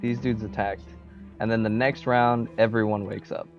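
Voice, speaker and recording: A man's voice: on the low side, moderate pace, faint music behind. A man leads a tabletop role-playing session over voice chat, narrating what the characters do and patiently walking his players through the rules. His headset mic gives the voice a dull, slightly muffled lo-fi quality. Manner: relaxed, explains rules with many fillers. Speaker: game master. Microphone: headset microphone.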